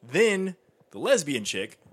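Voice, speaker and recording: A man's voice: on the high side, sing-song, slow, a bit bright, slightly rough, no echo. A man casually recapping an action movie, swearing freely and acting out lines from it. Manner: profane, laughing, acts out quotes.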